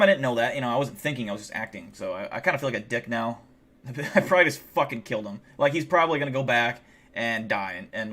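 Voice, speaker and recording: A man's voice: mid-range voice, pushed and bright. Profane, rambling male streamer. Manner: rambling and heavily profane, many fillers like "like". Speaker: live streamer. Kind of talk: casual live-stream storytelling.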